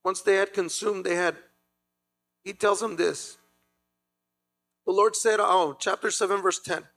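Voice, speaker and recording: A man's voice: sits high, steady tone, a little slow, vocal fry, a bit bright. A man preaching a sermon in a dramatic way, acting out the voices of biblical figures. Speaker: pastor.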